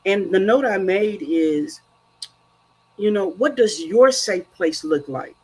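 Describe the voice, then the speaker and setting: A woman's voice: medium pitch, lively intonation, slow, darkish tone, husky, low-quality recording. A woman grief coach speaking earnestly and emphatically in a faith-based, preacherly way. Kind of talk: faith-based conversational talk.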